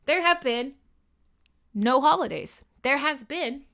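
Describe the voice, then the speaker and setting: A woman hosts a live internet radio show in a casual, irreverent way, swearing freely and breaking into laughter. Her voice sits a bit high and swings widely in pitch. The tone is bright and sharp. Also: lively intonation, slow pace, creaky. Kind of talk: casual live-stream chat.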